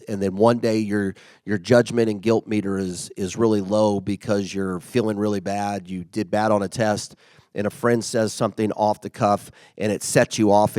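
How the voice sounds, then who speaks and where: A middle-aged workplace leader gives a casual motivational talk in a low-leaning, mellow voice with no echo. He keeps it conversational and acts out the remarks he quotes.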